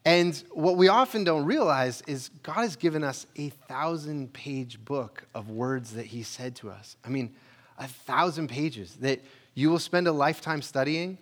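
A male pastor giving a conversational sermon, rising for emphasis on questions and dropping low and quiet on key lines. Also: measured pace.

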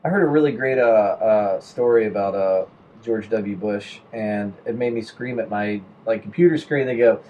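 A man's voice: fairly low pitch, normal speed, mellow, muffled recording, slight background noise. A man chatting casually, joking and riffing on silly scenarios. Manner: joking, riffs with put-on quoted voices and laughs. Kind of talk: casual podcast chat.

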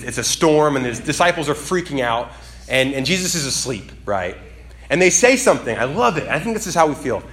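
Conversational man preaching with rising fervor. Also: a bit bright. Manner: conversational, dynamic, rising to emphatic high peaks. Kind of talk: sermon.

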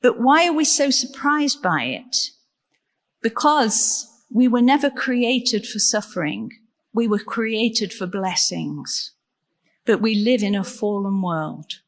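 A woman preaching a sermon in a slow, measured way and asking rhetorical questions. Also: on the high side. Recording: long reverb in a large hall.

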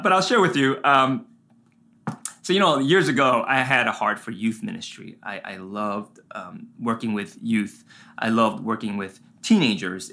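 Pastor guy telling a story in his sermon, bright forceful voice, lots of "like" and "um". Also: on the low side. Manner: animated storytelling with many fillers.

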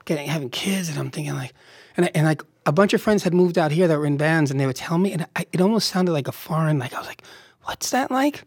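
A man's voice: on the high side, fast, breathy edge, no room sound, studio quality. A man talking as a guest writer-director in a casual interview, rambling and laughing often.

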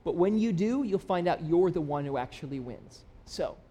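A man's voice: on the high side, animated, normal speed, mellow, slightly rough. A man in his thirties, a pastor, preaching a conversational sermon with personal stories and emphatic appeals. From Michigan. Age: 30s. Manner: storytelling, conversational and self-deprecating; builds to emphatic, rising appeals.

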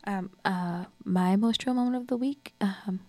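A woman's voice: mid-range voice, measured pace, darkish tone, no room sound. A young woman co-hosting a casual chat, laughing easily and reacting eagerly. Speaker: podcast co-host.

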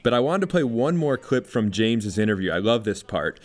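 A man's voice: mid-range voice, big pitch swings, a little fast. A man hosting a radio podcast with scripted, conversational narration. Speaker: podcast host.

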